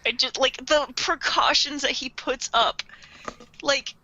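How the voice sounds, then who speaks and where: A woman's voice: high-pitched, unhurried, dull audio, crowd noise. A woman in her twenties, co-hosting a casual chat about an anime and laughing often while she recaps it. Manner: giggly, animated, quotes characters in put-on voices. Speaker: podcast co-host.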